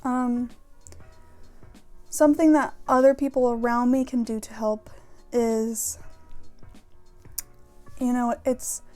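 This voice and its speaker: A woman's voice: on the high side, dark tone. A young woman vlogging frankly and casually, with plenty of fillers and casual swearing. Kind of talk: candid talk to camera about mental health.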